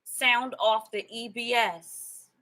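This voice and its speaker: Woman ranting to her viewers, bright tense voice, kinda high, rambly and worked up. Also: slow, rough recording. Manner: animated and excitable, laughing and emphatic; rambling storytelling with repetition. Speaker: video host. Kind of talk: casual monologue to viewers.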